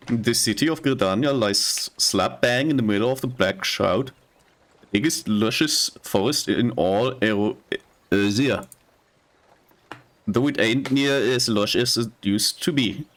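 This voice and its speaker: A man voicing a cheerful, folksy male merchant guide in a put-on Scottish accent, reading the game's dialogue aloud and stumbling over some words. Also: lowish voice.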